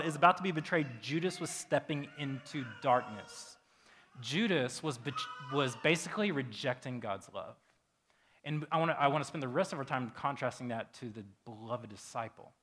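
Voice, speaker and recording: A man's voice: medium pitch, a bit bright. A man preaching a casual sermon as pastor, talking loosely and conversationally with lots of fillers.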